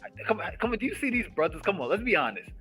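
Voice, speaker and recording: A man in casual chat on a podcast, talking quickly and animatedly, filling his speech with "like" and "yo" and acting out his own asides. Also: high voice, soft background music. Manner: rapid, animated, full of "like" and "yo" with acted-out asides.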